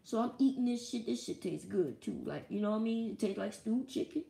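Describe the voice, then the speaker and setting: A woman from the United States, a live streamer telling a profane, animated story and laughing often, alone in a small room at home. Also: on the high side, fairly quick, creaky, echoey room. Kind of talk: casual storytelling monologue.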